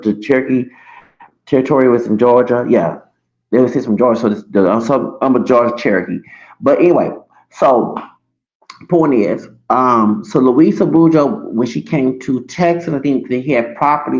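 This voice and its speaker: Gravelly guy in his 40s rambling on a stream, echoey room, kinda muffled lo-fi sound. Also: medium pitch. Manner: rambling, restarts and corrects himself often. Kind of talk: rambling livestream monologue.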